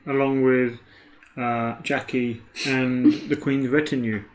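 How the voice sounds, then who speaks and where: A man's voice: medium pitch, little pitch movement, slow pace. A British man co-commentating a card game match in casual chat, with dry jokes and offhand asides.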